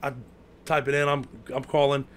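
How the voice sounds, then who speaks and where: An American man telling a story in casual chat, full of slang, who acts out quotes with sudden loud outbursts. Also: medium pitch, level tone, moderate pace, a little hiss or hum. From United States. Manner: heavy slang, lots of "bro" and "like".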